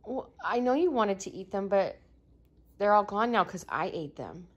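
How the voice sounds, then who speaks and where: A young woman talking as a mother in a casual home video, softly coaxing and gently repeating her questions. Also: medium pitch, expressive, normal speed, muffled recording.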